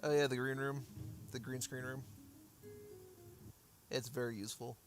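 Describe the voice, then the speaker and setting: Soft music plays in the background as a male streamer chats casually during his game, rambling and restarting frequently as he responds to chat. His mid-range voice has a level tone and normal pace, but it's a little worn because he's losing it.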